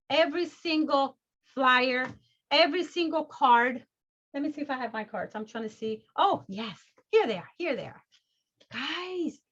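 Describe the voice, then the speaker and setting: A bubbly, excitable woman runs a sales training session over a video call, her voice high and bright. She stays at high energy the whole time. The audio is slightly dull and lo-fi.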